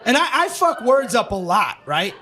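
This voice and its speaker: A middle-aged man doing a stand-up set, loud and profane, often shouting as he rants. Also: extremely high pitch, very animated, moderate pace, a faint crowd. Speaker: stand-up comedian. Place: comedy club stage. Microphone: handheld stage mic. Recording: noisy club recording. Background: audience laughter.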